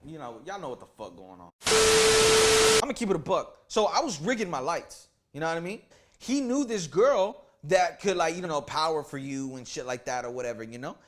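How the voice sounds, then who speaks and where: A man's voice: a little high, fairly quick. A man telling a story straight to camera at home, casual and full of swearing, acting out the voices of the people in it. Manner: animated, swears a lot, acts out voices of people in his story. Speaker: storytime vlogger. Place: at home, indoor room with lights rigged. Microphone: camera mic.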